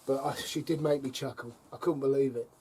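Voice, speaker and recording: By the fire on his allotment plot, a middle-aged vlogger casually tells the camera wry stories, chuckling between them and adding dry jabs. He speaks a little fast at medium pitch, with fairly even intonation and a warm, husky tone.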